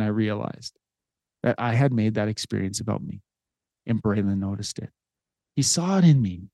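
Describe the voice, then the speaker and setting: Earnest dad telling a heartfelt story. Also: male voice, mid-range voice, warm tone, dry recording. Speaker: podcast host. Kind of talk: personal storytelling.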